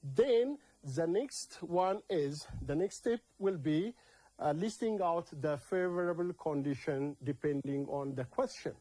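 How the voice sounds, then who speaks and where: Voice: medium pitch, lively intonation, measured pace, mellow, no room sound, poor audio. A math teacher with an Ethiopian accent giving a recorded lesson, repeating key words and checking in with "okay?" after each step.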